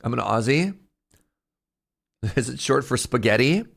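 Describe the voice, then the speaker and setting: A man's voice: mid-range voice, animated, measured pace, creaky. A man streaming live, chatting casually with his viewers in a jokey, talkative way and laughing often.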